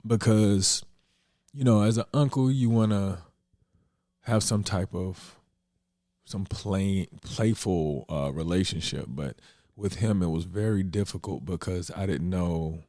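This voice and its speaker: A man with a deep, warm, mellow voice talks candidly and searches for his words in a relaxed conversation. The sound is dry and close, with no room echo. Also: measured pace. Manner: candid, searching, with frequent fillers. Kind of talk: reflective casual conversation.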